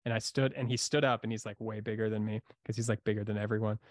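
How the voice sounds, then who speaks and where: A man's voice: on the low side, steady tone, fast talker, no room sound. Enthusiastic male podcast host, dry sound. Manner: enthusiastic, laughs easily, stumbling restarts. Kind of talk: casual interview chat.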